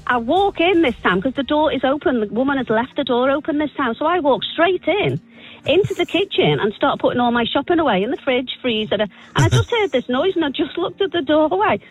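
A woman calling into a radio show, telling a funny story and jumping her voice high when she quotes herself. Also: brisk, dull audio, soft background music. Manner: animated, voice jumps high when quoting herself. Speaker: caller.

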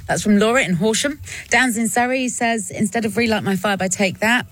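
A woman presenting a radio show, reading out listeners' pun suggestions in a playful way with chuckles and quick asides. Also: mid-range voice, no room sound, soft background music. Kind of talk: radio call-in segment, reading listener puns.

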